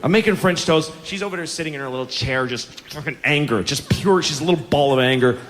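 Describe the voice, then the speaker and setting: A man in his forties doing stand-up comedy, with animated, profane storytelling full of exasperated self-mockery. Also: a little high, fast, faint music behind. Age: 40s. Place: stage before a laughing audience. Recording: noisy live recording with audience laughter.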